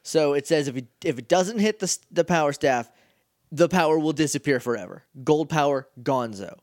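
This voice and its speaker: A man co-hosting a podcast, chatting casually and joking as he recaps a TV episode, slipping into quick character impressions. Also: fairly high pitch, lively intonation, no room sound, studio quality. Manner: jokey, mimics characters in quick asides. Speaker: podcast co-host.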